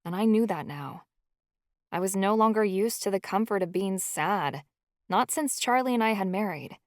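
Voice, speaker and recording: A woman's voice: medium pitch, lively intonation, normal speed, dry recording, studio quality. A woman reading a first-person novel aloud as an audiobook narrator, in a storytelling delivery.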